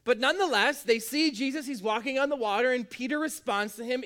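Brisk and a bit bright, a young man's voice carries a conversational sermon to an audience gathered in a room. He dramatizes quotes with big, abrupt jumps in pitch.

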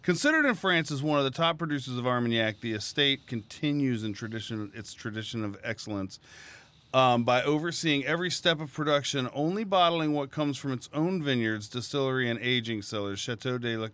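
Smooth-voiced man reading a label. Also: medium pitch, a little fast, fairly bright tone. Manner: playful, self-deprecating about pronunciation. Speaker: podcast co-host. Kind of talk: casual chat reading a bottle label.

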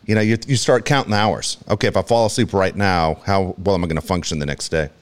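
Low-voiced man telling a rambling story. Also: fast talker, smooth. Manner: rambling, self-mocking storyteller who swears freely. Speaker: radio show host. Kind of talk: storytelling in casual chat.

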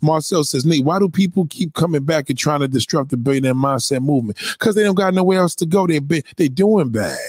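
Profane animated male livestream host. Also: on the high side, a little fast, few pauses, slightly rough, no room sound, clean studio sound. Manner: profane, animated, acts out quoted voices. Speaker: live stream host. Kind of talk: casual livestream rant.

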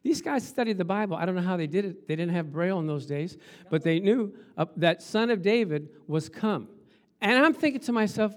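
A man with a high, light voice preaches a lively sermon. He acts out scenes as he goes, rising and dropping his voice and breaking into laughs. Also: normal speed. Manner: animated, acts out Bible scenes, laughs often. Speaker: pastor.

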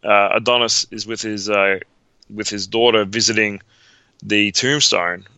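A man's voice: on the low side, steady tone, unhurried, pushed and bright, smooth, dry recording, muffled recording. A man, co-hosting a podcast in casual chat, enthusiastic and emotional, often repeating his words. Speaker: podcast co-host.

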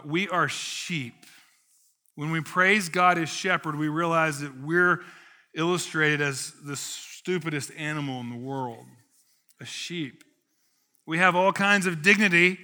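A man preaching a sermon as pastor, lively and conversational, acting out complaining voices to make his point. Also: a little high. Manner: animated preaching, acts out grumbling sheep in a whiny voice. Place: church sanctuary.

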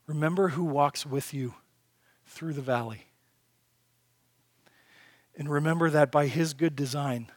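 A man preaching a sermon to a congregation, emphatic, with rhetorical questions and swings between loud passages and hushed ones. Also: medium pitch, no echo. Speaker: pastor.

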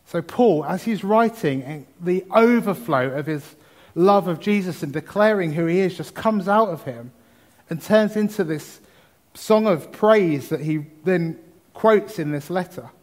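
A man's voice: high-pitched, a little slow. A man preaching a sermon, reading scripture and talking about it with exuberant emphasis. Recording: long hall reverb.

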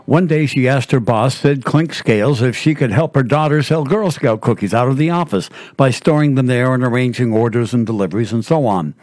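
A male radio producer reads a case story aloud over a dry, close studio mic. His pitch sits in the middle, and he tells it in a plain storytelling way with the odd stumble. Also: a little fast, few pauses, darkish tone, dry recording. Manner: storytelling read with small stumbles. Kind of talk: reading a case story on air.

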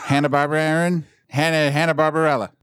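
A man's voice: on the high side, flat delivery, a little fast, a bit bright, clear, resonant tone, no echo, studio quality. A man in casual podcast chat, joking and rambling with plenty of swearing.

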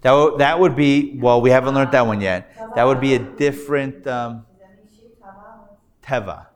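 A rabbi with a medium-pitched voice leads a live Hebrew reading class in a classroom full of students. He sounds out syllables slowly and patiently makes sure everyone keeps up.

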